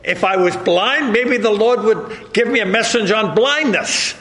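A man preaching slowly and deliberately in a church, pressing his point with repeated rhetorical questions. His voice sits high, and the pitch rises and falls in lively swings. A long hall reverb hangs behind every phrase. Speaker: pastor. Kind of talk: sermon. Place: church sanctuary.

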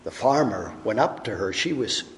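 A man's voice: fairly low pitch, animated, moderate pace, a little hiss or hum. A man preaching a sermon, telling stories earnestly with rising and falling emphasis. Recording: long echo of a large hall.

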